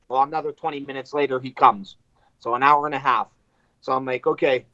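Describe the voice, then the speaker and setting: A man's voice: medium pitch, a little fast, dry recording, lo-fi sound. Profane storytelling fighter, man. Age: adult with wife and two kids. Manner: animated, profane, acts out quotes. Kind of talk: casual storytelling.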